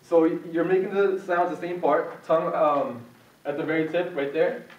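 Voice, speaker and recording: A young man teaches a student class in a small meeting room, his slightly high voice patient and casual as he repeats sounds for the group. He is picked up from across an echoey room, and the sound is muffled and a little dull. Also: steady tone, normal speed, recorded from a distance. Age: young adult. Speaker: Quran recitation teacher.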